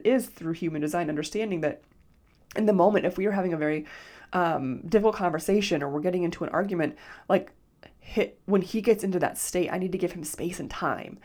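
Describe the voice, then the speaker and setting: A woman's voice: on the low side, a little mellow. A woman in her thirties, a life coach, hosting her podcast in a casual, chatty solo talk, often slipping into quoted dialogue. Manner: chatty, lots of "like", quotes herself in little voices.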